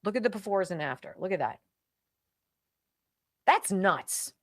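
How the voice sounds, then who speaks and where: A woman's voice: medium pitch, sing-song, unhurried. A woman radio talk show host reading sponsor ads live in a chatty, emphatic, jokey way.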